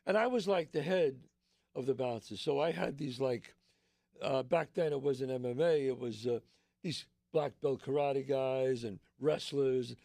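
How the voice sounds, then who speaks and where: A man's voice: measured pace, vocal fry, warm tone, no room sound, studio quality. An older man, a guest actor, telling stories animatedly and acting out the people in them. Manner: acts out the people in his stories, voice jumping high. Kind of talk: animated storytelling.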